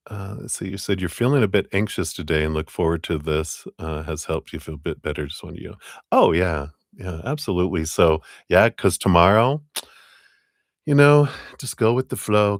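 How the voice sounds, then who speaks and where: A man's voice: lowish voice, no room sound, studio quality. A man hosting a live tarot stream, chatting casually with viewers, laughing often and sounding giddy.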